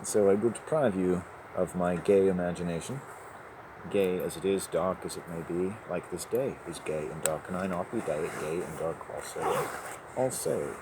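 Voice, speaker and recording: Man rambling and joking, laughs a lot, on a walk outside; low voice, noisy outdoor sound. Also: steady tone, moderate pace. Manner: rambling, jokey, often laughing. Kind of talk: rambling monologue while walking. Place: outdoors by a river at dusk.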